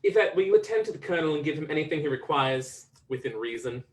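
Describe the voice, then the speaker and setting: A man's voice: on the high side, wildly swooping pitch, fast talker. A man voicing a proper, formal butler in a put-on English accent, speaking stiffly and courteously in an amateur live script reading. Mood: polite formal.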